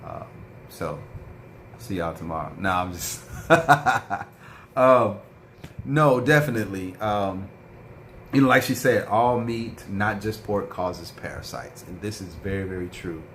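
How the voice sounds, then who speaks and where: A man's voice: fairly low pitch, slow pace, fairly bright tone, slight background noise. A man vlogging in a casual chat, telling a rambling story with lots of fillers and reading out viewer comments.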